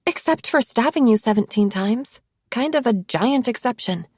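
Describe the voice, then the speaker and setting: A woman's voice: on the high side, animated, moderate pace, slightly rough, no room sound, studio quality, voice pushed up. A woman reading as a cold, controlling young woman. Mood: irritated. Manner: forceful, clipped, impatient.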